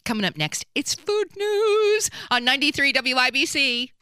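A woman hosting a radio show, enthusiastic and brisk as she reads event announcements. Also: high-pitched, very animated, pushed and bright. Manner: enthusiastic, brisk promo delivery. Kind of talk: radio host reading announcements.

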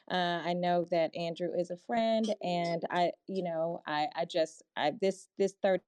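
Female host, low, dark tone, dry, effusive interviewer. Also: no echo. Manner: warm, effusive, halting. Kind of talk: casual interview.

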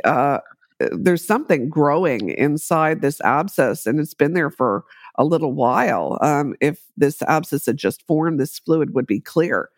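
A middle-aged woman, an epidemiologist, telling her story in a podcast interview with animated delivery and acted-out quotes. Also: low voice, measured pace, no echo, studio quality. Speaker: guest, infectious disease epidemiologist.

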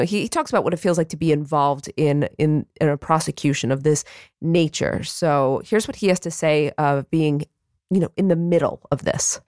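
Low-voiced earnest woman podcast host. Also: darkish tone, no echo, clean studio sound. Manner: earnest, opinionated, frequent restarts and fillers. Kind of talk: conversational podcast discussion.

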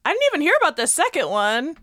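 A woman hosting a radio chat, upbeat and asking quick questions of her guest. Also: sits high, big pitch swings, pushed and bright, dry recording, clean studio sound. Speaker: radio show host. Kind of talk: casual radio interview.

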